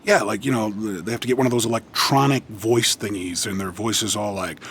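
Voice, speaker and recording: A wisecracking lab rat mascot, played by a man, rambling through a deadpan comedy bit in a lowish voice. His delivery is offhand and meandering, with a faint rumble underneath. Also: brisk, close to an everyday voice.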